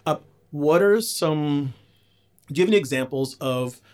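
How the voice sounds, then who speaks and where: A man's voice: a little high, animated, unhurried, darkish tone. A man hosting a casual conversation, chatty and self-deprecating, with frequent fillers and restarts. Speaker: podcast host and teacher. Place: in the Gulf region.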